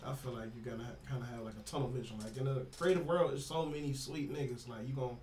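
A man speaking as a podcast guest in quick, chatty asides, heard off-mic with a faint hiss. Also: medium pitch, fairly even intonation, darkish tone, far from the mic. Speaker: guest, show team member. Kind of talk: casual podcast interview. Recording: roomy, off-mic with faint noise.

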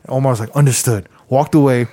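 A man co-hosting a casual chat, swearing freely and telling stories with animated energy. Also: mid-range voice, moderate pace, no echo. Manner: profane, animated storytelling.

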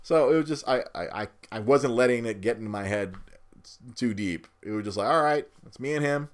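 A man's voice: mid-range voice, brisk. A man in his thirties, a new father, talking casually and rambling, repeating words as he goes and often laughing at himself. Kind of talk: casual chat.

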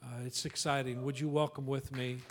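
A man's voice: mid-range voice, little pitch movement, moderate pace. A man, the pastor, speaking earnestly to his congregation and introducing a guest speaker. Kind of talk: sermon.

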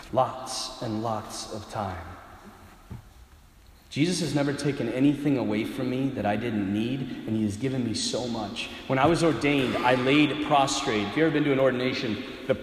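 A man in his forties, a Catholic priest, telling a story in a sermon in an animated, self-deprecating way. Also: mid-range voice, moderate pace, a little hiss or hum. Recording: echoey hall reverb.

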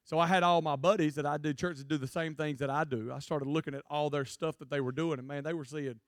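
A man preaching a jokey, animated youth sermon to a live student audience. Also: on the high side, fast talker, dry recording, studio quality. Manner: jokey, animated, acts out quotes in funny voices. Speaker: guest preacher.

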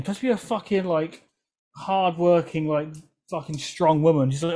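A podcast co-host in casual chat, blunt and sarcastic, swearing freely. The pitch sits in an ordinary middle range. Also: moderate pace, warm tone.

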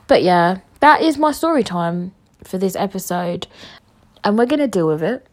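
A young woman hosts a casual story-time podcast in a mid-range, animated voice at normal speed. She's brash and jokey, swearing freely and rambling through her rants.

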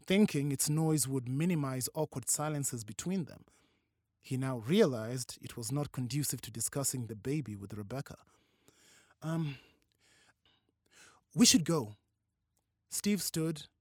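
A narrator reading a novel aloud with expressive, varied delivery. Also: mid-range voice, no echo, clean studio sound. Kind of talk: audiobook narration.

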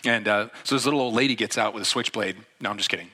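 A man preaching a sermon to a church audience, telling a story in a relaxed, chatty way and acting out the people in it. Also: lowish voice, rapid-fire. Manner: conversational storytelling with laughs and acted-out quotes. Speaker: pastor. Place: church before a live audience.

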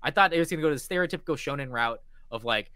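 A man co-hosting a podcast, retelling a story in casual chat with excited energy and lots of swearing. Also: fairly high pitch, racing, clean tone, no room sound. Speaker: podcast co-host.

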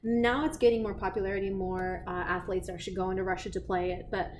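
A woman's voice: medium pitch, flat delivery, slight background noise. A woman guest chatting casually and cheerfully, with many fillers. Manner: upbeat, quick to laugh, uses many fillers. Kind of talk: casual chat.

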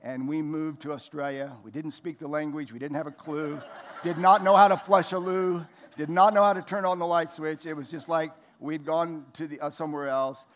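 A man in his sixties, from the United States, preaching a folksy, joking sermon as a pastor in a church hall. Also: a little high.

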